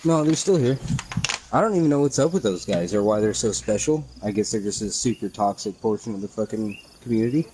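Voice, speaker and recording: A man's voice: lowish voice, animated, brisk, mellow, a little hiss or hum, rough recording. A man streaming a game, telling a heated story in casual chat full of swearing.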